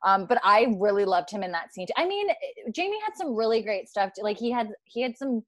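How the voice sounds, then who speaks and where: A woman hosting a casual fan discussion, animated and acting out lines she quotes, with plenty of fillers. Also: on the high side, a little fast, dry recording. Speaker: podcast host.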